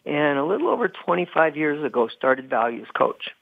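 A man's voice: on the high side, big pitch swings, normal speed, gravelly, no echo. A man being interviewed as a guest, speaking thoughtfully with a few restarts. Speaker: guest, coach and former hospital executive. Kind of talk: phone-in interview. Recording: tinny phone line.

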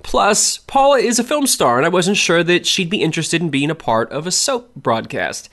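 A man hosting a show, narrating in a measured, explanatory way. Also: on the high side, expressive, a bit bright. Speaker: host. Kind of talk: scripted narration.

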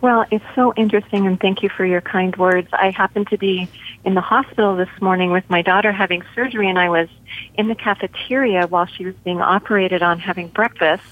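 A middle-aged woman calling in as a guest, telling a faith story in an earnest, steady way. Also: mid-range voice, a little fast. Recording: tinny phone line.

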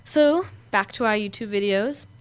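A woman's voice: mid-range voice, normal speed, clear, resonant tone. A young girl co-hosting a kids' radio show, chatting casually, giggling and mimicking voices as she retells funny videos. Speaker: co-host.

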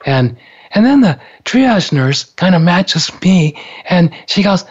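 Husky older man telling a story. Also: a little high, measured pace. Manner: laughing, animated, acts out quoted voices. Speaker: storyteller recounting his heart attack. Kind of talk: casual spoken storytelling. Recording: dull lo-fi recording.

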